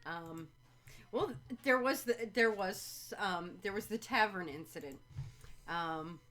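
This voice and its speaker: A young woman chatting casually beside the host on a home stream, soft and hesitant, with many pauses and ums. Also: lowish voice. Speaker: co-host, partner of the host. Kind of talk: casual chat.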